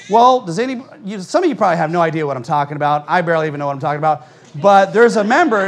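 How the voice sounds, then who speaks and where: High-voiced, animated preaching man. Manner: fast, animated delivery, acting out quoted people. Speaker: pastor. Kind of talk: fiery conference sermon with storytelling. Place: church conference hall with audience.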